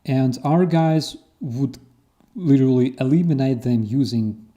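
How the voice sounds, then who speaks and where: A man hosting a casual interview, who tells stories in an animated way and acts out the people he quotes. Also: medium pitch, measured pace. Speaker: host.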